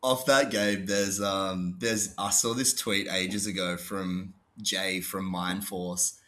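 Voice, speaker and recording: A man from Sydney with an Australian accent, a band guest in a podcast interview, thinking out loud with hesitations and casual swearing. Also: low-pitched, fairly even intonation, slow pace. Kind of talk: casual chat.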